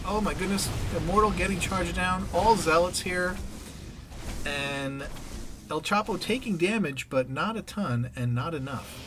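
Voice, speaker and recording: A man's voice: fairly high pitch, lively intonation, a little slow, noisy background. A man giving casual play-by-play commentary on a strategy game, often pleading with the players. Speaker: game caster.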